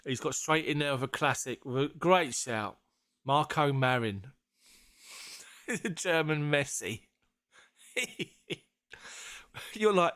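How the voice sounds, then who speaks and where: A man's voice: a little high, expressive, moderate pace, a bit bright, no room sound, studio quality. A man hosting a casual live fan stream. He is jokey, laughs often and swears casually as he chats with viewers.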